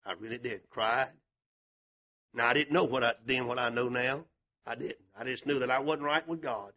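Older man, pastor, sermon, husky, bright, impassioned. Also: mid-range voice, normal speed. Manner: impassioned preaching, swings from shouting to hushed.

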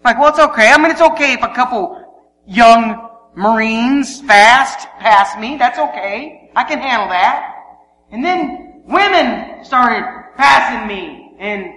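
A man preaching, telling a funny story with shouted exclamations and quiet asides. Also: very high voice, unhurried. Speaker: pastor. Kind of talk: sermon with humorous personal story. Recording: long hall reverb, faint hum.

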